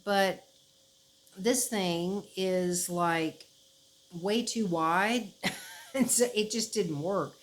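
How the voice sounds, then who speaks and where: A woman's voice: mid-range voice, extremely slow, pauses often, a little hiss or hum, low-quality recording. A woman chatting casually to her camera at home, rambling with fillers and laughs. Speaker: vlogger. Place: her house, indoors.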